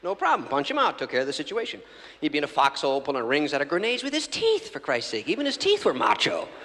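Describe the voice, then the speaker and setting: Man, stand-up comedian, rambling storyteller, somewhat high and very lively, reverberant 1984 live theatre recording. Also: fast talker, background noise. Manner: rambling storytelling, acting out scenes. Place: large theatre stage before an audience.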